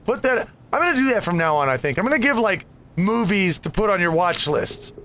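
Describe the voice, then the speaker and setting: A man's voice: high voice, sing-song, fairly quick, sharp tone, a little hiss or hum. A man hosting a casual let's play, rambling and easily distracted with chatty asides. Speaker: gaming video host.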